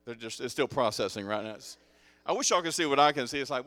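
A pastor preaches to his congregation in a smooth, clear voice that sits a little high for a man. He pulls the room in with call-and-response and light joking asides. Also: expressive, fast, a bit bright, no room sound. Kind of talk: sermon. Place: church sanctuary with congregation.

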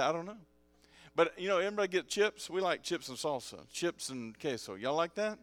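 A man's voice: on the high side, animated, moderate pace, long pauses, a bit bright, no room sound, faint music behind. A male pastor preaches a sermon to his congregation, calling out for responses and mixing in jokes and casual asides. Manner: joking, conversational asides. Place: church sanctuary with congregation.

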